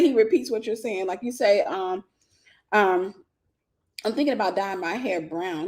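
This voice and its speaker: Animated woman acting out quotes. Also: mid-range voice, normal speed. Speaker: host. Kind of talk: casual spoken advice to viewers.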